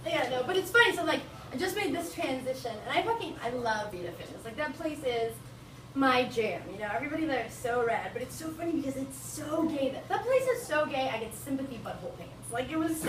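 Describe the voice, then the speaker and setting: A woman's voice: high voice, very animated, a little fast. A young woman from Bolivia doing a stand-up comedy set, rambling, crude and laughing often. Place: small venue with live audience. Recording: roomy, distant live room recording with noise.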